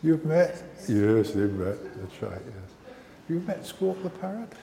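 A man, a licensed lay minister, leading a family service with a puppet, gentle and coaxing with children. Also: fairly low pitch, sing-song, unhurried, creaky. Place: church. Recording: echoey church hall.

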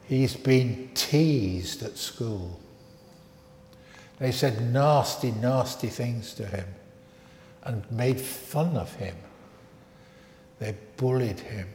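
A man leading a church service, reading scripture and then speaking to children in a measured, expressive way. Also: medium pitch, slight background noise. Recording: echoey, reverberant large room.

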